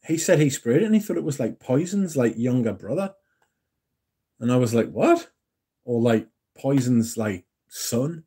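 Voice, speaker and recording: A man hosting a casual livestream, reading and answering chat in a relaxed, yawning way. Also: medium pitch, husky. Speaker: livestream host.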